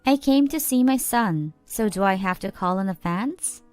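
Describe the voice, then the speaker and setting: A woman's voice: medium pitch, lively intonation, moderate pace, a little mellow, faint music behind, lightly acted. A woman playing a sneering snobbish mother-in-law. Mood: contemptuous. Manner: sneering, haughty. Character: snobbish rude mother-in-law, middle-aged woman, contemptuous.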